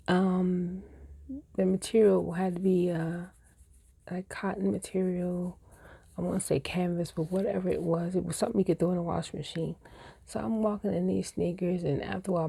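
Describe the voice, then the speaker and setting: A woman's voice: lowish voice, creaky, dark tone, husky, no echo. A woman in her forties telling childhood stories in a casual vlog, with a meandering, self-correcting way of reminiscing. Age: 40s. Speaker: vlogger. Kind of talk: casual personal storytelling.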